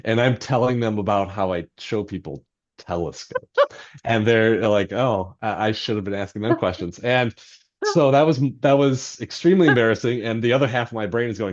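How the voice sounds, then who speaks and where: A man's voice: on the low side, normal speed. A man, a novelist guest on a podcast, telling a self-deprecating story in a rambling way full of fillers. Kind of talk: anecdotal storytelling in podcast interview.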